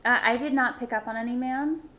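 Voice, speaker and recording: A woman's voice: fairly high pitch, steady tone, a little fast, noisy background. A woman co-hosting a casual podcast, chatty and playful with lots of fillers. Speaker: podcast co-host. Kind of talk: casual chat.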